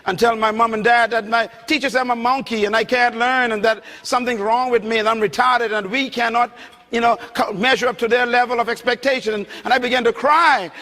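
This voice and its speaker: High, bright-voiced preacher in a big hall. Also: male voice. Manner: emphatic, dramatic swings between loud and soft. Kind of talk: sermon. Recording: long hall reverb.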